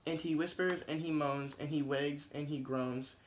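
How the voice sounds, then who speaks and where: This is a male teacher reading a rhyming picture book to his class with a bouncy, sing-song rhythm. His voice sits a little high for a man. There is a soft hiss in the background. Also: fairly even intonation, moderate pace.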